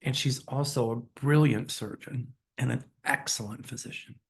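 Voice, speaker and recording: A man's voice: mid-range voice, fairly even intonation, normal speed, gravelly, slightly rough. A man hosting his own channel, earnestly and candidly retelling a personal story with open emotion. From Chicago area, US. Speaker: channel host, psychic.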